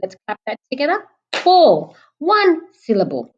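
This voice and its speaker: Lively-voiced woman teaching young children. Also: fairly high pitch, highs cut off. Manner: clear, slow, patient explaining, clapping out syllables. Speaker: primary school teacher. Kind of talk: recorded online lesson for young children.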